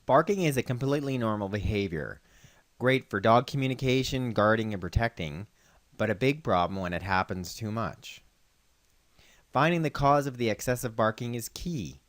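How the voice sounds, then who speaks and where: A man working as a veterinarian host, explaining dog training in a calm, instructional way. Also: mid-range voice, normal speed, dry recording. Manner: calm instructional, calling dogs loudly and praising them. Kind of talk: scripted narration with outdoor demonstration.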